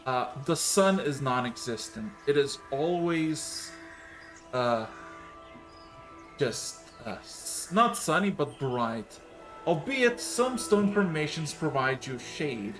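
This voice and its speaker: A man narrating a tabletop game as game master, halting often with filler sounds. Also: fairly high pitch, sing-song, a bit bright, soft background music. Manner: hesitant, many filler sounds.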